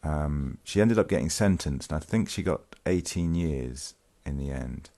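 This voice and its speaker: This vlogger's voice is very deep, mellow and expressive, moving at a normal speed. Hosting his channel, he covers a true-crime case in a loose, halting style with frequent ums and false starts, occasionally reading news excerpts out loud.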